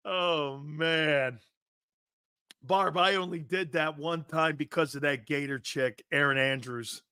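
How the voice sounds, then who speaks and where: Brash philly sports host, middle-aged man, slightly high voice, slow and punchy, dead dry mic. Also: clear, resonant tone, no echo. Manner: brash and loud, laughs often, rants in rhetorical questions. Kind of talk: sports talk show monologue.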